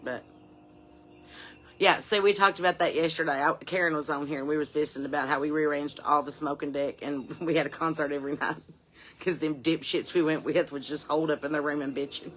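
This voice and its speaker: Salty, profane woman vlogger, bright voice. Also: deep voice, brisk. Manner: salty, profane, down-home storytelling; drops to a soft murmur at times. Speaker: touring musician and vlogger. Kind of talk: casual rambling vlog chat.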